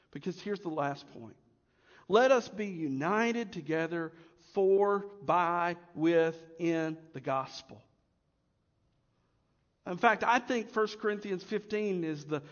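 A man preaching a sermon as pastor, swinging between loud emphasis and hushed asides. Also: sits high, long reverb tail, dull audio.

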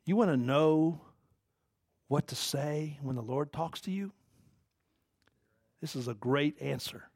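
Guy pastor preaching, kinda high voice, lots of little laughs and questions to the crowd. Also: normal speed, no echo, clean studio sound. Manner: animated, chuckling, engages congregation with questions. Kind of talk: sermon.

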